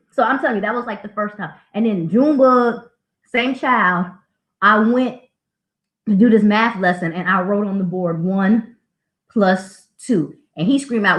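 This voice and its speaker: A woman who works as a school administrator, hosting a casual show and telling stories in a snarky, animated way. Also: medium pitch, measured pace. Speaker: podcast host, school administrator. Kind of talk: casual storytelling. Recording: roomy echo.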